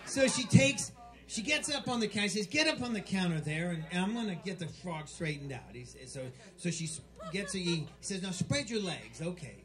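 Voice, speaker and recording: A man's voice: sits high, expressive, moderate pace. A man telling crude jokes on stage at a bar, rambling, restarting and bickering with the crowd. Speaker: stand-up comic at a bar show. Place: bar with live band setup.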